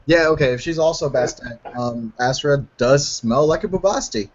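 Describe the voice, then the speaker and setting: A man's voice: fairly high pitch, normal speed, muffled recording. A man joining a tabletop role-play as a player, joking and playful.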